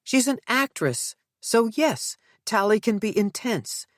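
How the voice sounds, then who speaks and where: A woman voicing a tense, sharp-tongued mother. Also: lowish voice, expressive, normal speed, no echo, studio quality, lightly acted. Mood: furious. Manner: sharp, clipped. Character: tense, angry middle-aged mother.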